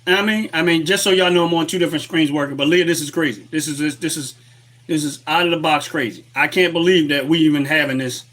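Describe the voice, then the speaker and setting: A man's voice: on the high side, fairly even intonation, quick pace, a bit bright. A man hosting a political livestream, talking in a heated, repetitive rant and greeting chat viewers. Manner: fired-up, repetitive, reads chat aloud. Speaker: livestream host. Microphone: webcam setup at desk.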